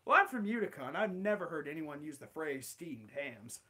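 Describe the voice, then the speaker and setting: Guy putting on a gruff cartoon superintendent, slow and suspicious, dry delivery, bright tone. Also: a little high, sing-song, exaggerated voice. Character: stern suspicious male school superintendent, cartoon.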